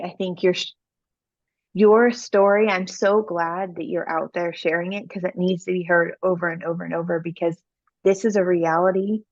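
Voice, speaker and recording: A woman hosting a podcast interview, speaking thoughtfully and pausing to gather her words. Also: on the low side, no room sound, muffled recording. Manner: warm, thoughtful, searching for words. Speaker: podcast host. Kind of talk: interview conversation.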